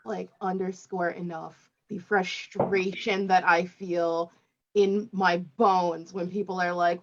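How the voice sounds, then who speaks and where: Nachdrückliche Frau, dumpfer Videoanruf-Ton. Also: female voice, on the low side, level tone, measured pace, highs cut off. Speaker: co-host. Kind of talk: casual chat.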